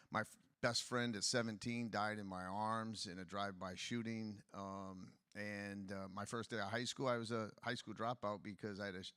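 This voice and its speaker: A man's voice: lowish voice, pushed and bright, no echo, clean studio sound. A man running for office, speaking candidly about his life at a conference interview. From Detroit, USA. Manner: candid, personal storytelling. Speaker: political candidate. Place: conference stage.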